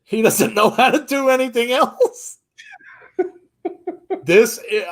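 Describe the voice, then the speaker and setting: A man co-hosting a live reaction commentary, excitable, laughing often and gushing with exclamations. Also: extremely high pitch, slow pace. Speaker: co-host of a wrestling watchalong.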